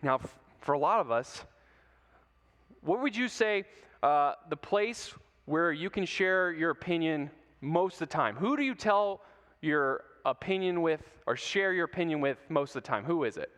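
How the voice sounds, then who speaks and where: A man's voice: a little high, lively intonation, normal speed, fairly bright tone. A man giving a playful talk to middle schoolers, telling stories and asking the audience questions. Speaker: youth speaker. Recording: long hall reverb.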